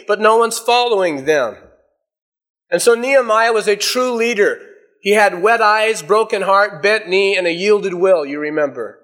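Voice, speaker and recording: A man's voice: high-pitched, normal speed, a bit bright. A middle-aged man preaching a sermon, reading scripture aloud and explaining it with folksy asides. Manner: reads scripture aloud, then explains it with illustrations.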